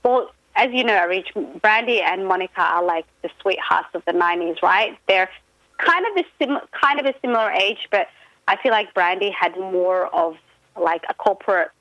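Woman pop culture guest calling in, animated and rambling, lo-fi dry phone sound. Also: moderate pace, no echo. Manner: animated storyteller, many fillers, pitch jumps when excited. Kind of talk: casual radio chat.

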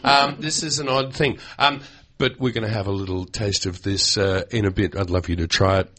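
A man's voice: fairly low pitch, steady tone, normal speed, a bit bright. A man hosting a radio show, chatting with enthusiasm and plenty of fillers. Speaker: radio host. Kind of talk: casual radio chat.

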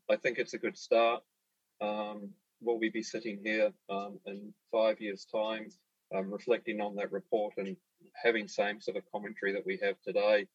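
A man who is a guest on a talk radio panel, with a low voice. He chooses his words carefully, pausing between phrases. The audio is dull and a bit distant from the mic. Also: no echo. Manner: deliberate and careful, halting with pauses.

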